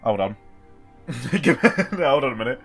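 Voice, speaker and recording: A man's voice: mid-range voice, lively intonation, slow pace, creaky, a bit bright, faint music behind. A man co-hosting a casual webcomic read-through with dry joking asides. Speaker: podcast co-host. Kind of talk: casual chat reading a webcomic.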